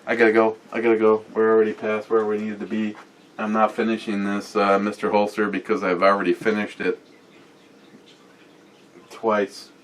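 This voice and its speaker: A man with a fairly low voice hosts a casual beer review vlog. He rambles off the cuff, fills his talk with "uh," and reads viewer comments aloud. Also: completely flat delivery, moderate pace, a little hiss or hum. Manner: rambling, off-the-cuff, with many fillers.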